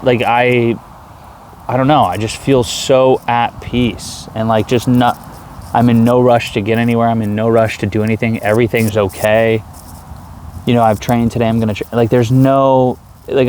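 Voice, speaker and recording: A man in his thirties, talking earnestly in a rambling personal video diary, with many halting restarts. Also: mid-range voice, darkish tone, a little hiss or hum. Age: 30s. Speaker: vlogger.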